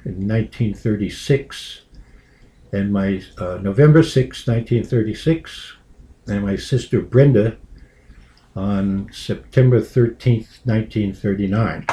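A man's voice: fairly low pitch, dark tone. A man from Brooklyn telling his life story in an interview, rambling with many uh fillers. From Brooklyn, New York. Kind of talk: oral history storytelling.

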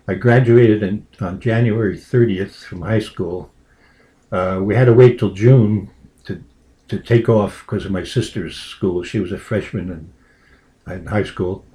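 Rambling storyteller from Brooklyn. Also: male voice, on the low side, measured pace, mellow. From Brooklyn, New York. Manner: rambling, full of uh fillers. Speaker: interviewee. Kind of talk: oral history storytelling.

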